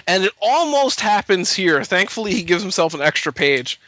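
A man hosting a casual podcast about comics, animated and quick to laugh. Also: high voice, no echo, lo-fi sound. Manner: animated, laughs often, does quick voices in anecdotes. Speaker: podcast host.

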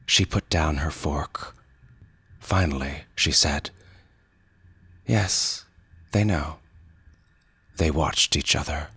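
A man reading a short story as its narrator in a measured, dry storytelling manner. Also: extremely low pitch, steady tone, bright, forceful tone, breathy edge, dry recording. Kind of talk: scripted narration.

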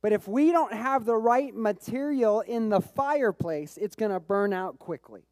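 A man preaching a sermon as pastor, telling a personal story with bursts of excitement and frequent repeated words. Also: sits high, moderate pace, no room sound. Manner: repeats words when restarting phrases.

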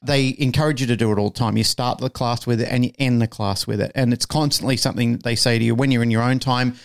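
A man's voice: medium pitch, steady tone, fast talker, creaky. A man co-hosting a podcast, telling a story casually and animatedly, swearing freely and acting out the lines he quotes. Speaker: podcast co-host.

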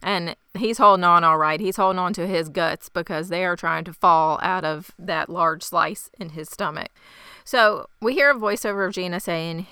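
A woman's voice: fairly low pitch, normal speed, bright, forceful tone, clean tone, dry recording. A woman hosting a podcast, casually recapping an episode from her notes in a chatty, wry way. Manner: chatty and wry, laughs easily. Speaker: podcast host.

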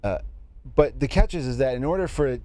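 A man's voice: mid-range voice, lively intonation, a little fast, mellow. A man hosting a podcast in casual chat, laughing often, rambling through news with fillers and swearing. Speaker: podcast host.

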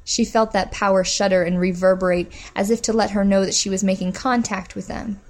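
Female audiobook narrator, mid pitch, steady measured delivery for story narration. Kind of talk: scripted narration.

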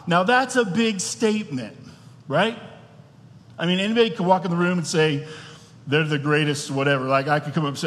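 A pastor preaches a sermon in a conversational way, often checking in with the room and asking it questions. His voice is high-pitched, a bit bright, with lively intonation at normal speed, and the church hall adds a long reverb.

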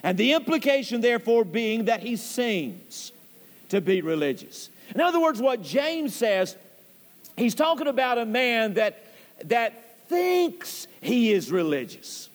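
A man preaching a sermon as pastor, speaking deliberately and stressing key words. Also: very high-pitched, big pitch swings. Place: church sanctuary. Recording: long church hall reverb.

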